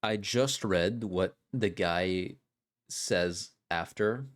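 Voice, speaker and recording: Male co-host, lower voice, unhurried delivery, mocking and laughing in casual stream chat.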